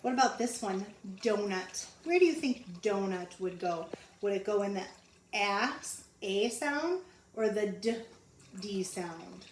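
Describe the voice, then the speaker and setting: A woman teaching a phonics lesson to young children, sounding out letters slowly and repeating each word. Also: medium pitch, animated. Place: home. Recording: roomy echo, mic at a distance, faint background noise.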